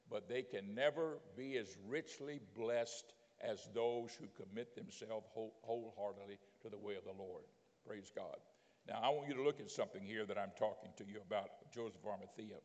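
A man preaching a sermon as a bishop, telling scripture stories in a plain, homely way with frequent pauses and "uh"s. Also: lowish voice, a little mellow, in a large hall. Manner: plain-spoken storytelling preaching with frequent "uh" and drawn-out emphasis.

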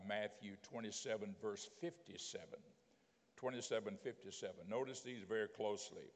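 Low-voiced bishop preaching in a reverberant hall. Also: male voice, a little mellow. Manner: plain-spoken storytelling preaching with frequent "uh" and drawn-out emphasis. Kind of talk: sermon.

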